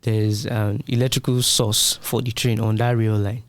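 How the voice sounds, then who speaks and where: Podcast co-host, male, low register, dry close sound, casual explainer. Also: level tone, normal speed, dry recording. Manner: explanatory, uses everyday analogies. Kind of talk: casual tech discussion.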